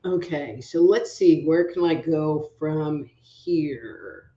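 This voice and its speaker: Woman, live-stream host, casual rambling chat, lowish voice, slightly muffled roomy audio. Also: expressive, takes it slowly, warm tone. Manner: chatty and rambling, calls out audience members by name. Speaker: psychic reader hosting a live online show.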